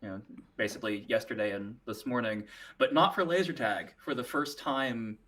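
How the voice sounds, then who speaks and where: Man rambling with halting restarts. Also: medium pitch, fairly bright tone. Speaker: podcast co-host. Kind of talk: casual chat.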